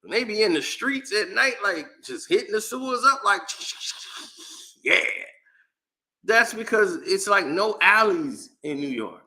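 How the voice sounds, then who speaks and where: Bright-voiced man ranting animatedly. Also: high-pitched, unhurried, long pauses. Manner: animated, exasperated ranting with laughs and slang. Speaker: commentary channel host. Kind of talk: casual opinion rant.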